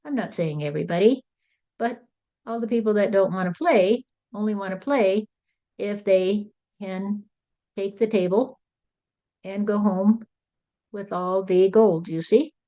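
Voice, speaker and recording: A woman's voice: medium pitch, a little slow, warm tone, lightly acted. A woman channeling Jesus as a frank, folksy male spirit who rambles and keeps saying "you see," in a dull lo-fi recording. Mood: earnest.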